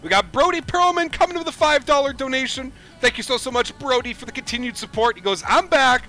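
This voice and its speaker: A man's voice: very high voice, quick pace, sharp tone, faint music behind. A man streaming a flight simulator, chatting casually with viewers, thanking them and reading their chat messages aloud. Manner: casual and upbeat, chatty, calls viewers dude.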